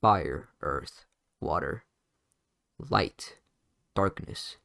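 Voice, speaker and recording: A young man improvises a retelling of a story, rambling along with lots of fillers and restarts. His voice sits low and has a gravelly edge. The recording is dry and close. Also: very slow, fairly bright tone, no room sound.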